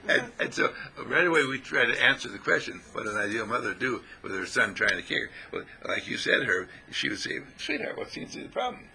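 A man giving a rambling spiritual talk to a small group, animated and often laughing as he acts out little scenes. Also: mid-range voice, a little fast, creaky, hardly any pauses, low-quality recording. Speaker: spiritual teacher.

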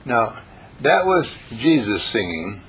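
A man preaching a storytelling sermon in a playful, animated way, acting out the people in his story. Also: medium pitch, takes it slowly, slightly rough, faint music behind. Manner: animated, playful, acts out voices.

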